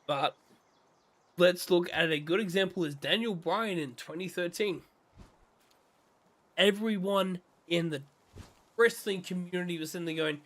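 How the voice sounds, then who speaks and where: A man's voice: high-pitched, unhurried, pauses often. A man on a casual game stream, ranting passionately and playing out other people's reactions. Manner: impassioned wrestling rant with excited mimicry. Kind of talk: casual gaming stream chat.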